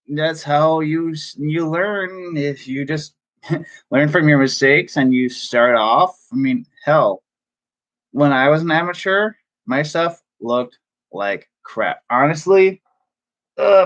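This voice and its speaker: A man talks casually to his viewers on a live stream from his room, with an unhurried, drawn-out pace. He is chatty and excitable and laughs often. The audio sounds dull and lo-fi. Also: a little high. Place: home room.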